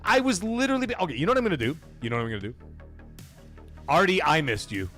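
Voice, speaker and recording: A man hosting a gaming livestream, loudly shouting out chat donations and swearing casually. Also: a little high, sing-song, fast, faint music behind. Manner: loud, hyped shout-outs reading chat donations. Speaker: livestream host. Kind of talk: energetic live stream chat.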